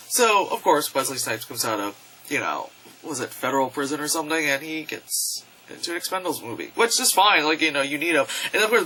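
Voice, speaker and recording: Young man, bright and slightly high voice, rambling casual review full of fillers and swearing. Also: a little hiss or hum, poor audio. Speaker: vlogger reviewing movies. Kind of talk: casual movie review vlog. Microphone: camera mic.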